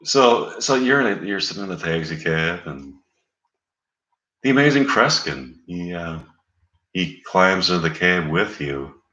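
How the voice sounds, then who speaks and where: A man's voice: deep voice, lively intonation, unhurried, pushed and bright, reverberant, highs cut off. A man telling an improvised, rambling comic story, meandering and stalling to think. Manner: meandering, full of fillers and stalls. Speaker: comedic storyteller.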